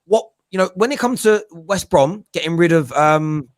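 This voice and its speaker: Animated man. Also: a little high, moderate pace, no room sound. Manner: animated, joking, mimics others in put-on voices. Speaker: football podcast pundit. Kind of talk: casual football chat.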